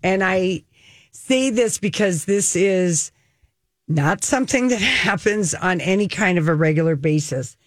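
A woman's voice: fairly low pitch, measured pace, no room sound. Chatty radio co-host woman, dry sound. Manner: chatty, animated storyteller. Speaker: radio talk show co-host. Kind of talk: casual chat. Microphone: studio mic.

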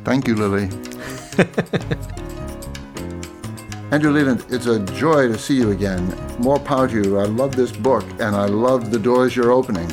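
Podcast host man over clear music. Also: medium pitch, a little slow, pauses often. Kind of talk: interview hosting and sign-off. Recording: voice with music playing underneath.

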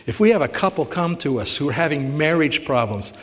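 Male pastor, fairly high voice, easy conversational sermon, long hall reverb. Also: lively intonation, brisk, fairly bright tone. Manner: asks rhetorical questions, retells stories with emphasis.

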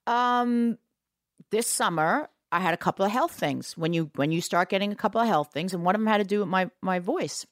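A woman's voice: medium pitch, brisk, dry recording, studio quality. A woman from New York, a singer and guest, talking frankly and reflectively in a candid conversation. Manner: frank, reflective, calls host baby.

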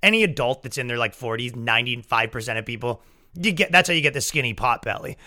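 A man's voice: medium pitch, expressive, fast, sharp tone. A man hosting a podcast, ranting in casual chat with profane jokes and laughing asides. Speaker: podcast host.

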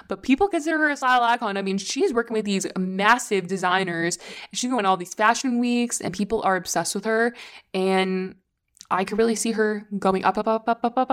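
Woman, podcast host, casual solo chat, gushing, rambling, filler words, casual swearing. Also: mid-range voice.

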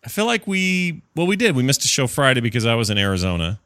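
A man's voice: mid-range voice, very animated, fast, fairly bright tone, no room sound, clean studio sound. A man hosting a podcast in casual, joking chat with a co-host. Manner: chatty, joking, self-deprecating.

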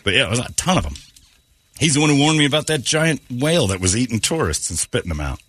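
A man's voice: medium pitch, quick pace, slightly rough, no room sound, clean studio sound. A man hosting a radio morning show, bantering and telling stories in a casual, comedic way. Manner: animated storyteller, slips into voices. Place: radio studio.

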